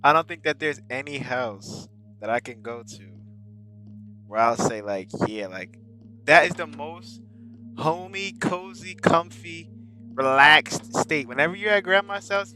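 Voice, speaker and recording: Bright, joking man playing a horror game. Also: mid-range voice, measured pace, faint music behind. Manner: joking, with loud outbursts. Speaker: game player. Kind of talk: let's play commentary.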